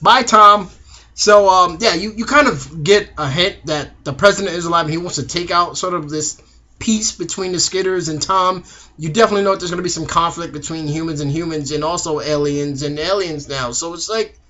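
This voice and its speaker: A man's voice: on the high side, a little fast, pushed and bright. A young man reviewing a TV episode in a casual, slangy way, acting out the characters' lines.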